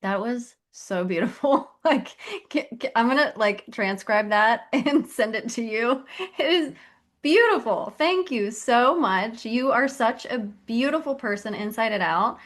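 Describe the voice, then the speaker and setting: A woman's voice: a little high, lively intonation, unhurried, fairly bright tone. Gushing woman podcast host. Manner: effusive, gushing, laughs often. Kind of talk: casual interview chat.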